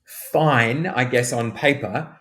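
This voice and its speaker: A man talking as a guest on a casual podcast, hesitant and loose, jumping high when he imitates others. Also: takes it slowly, sharp tone.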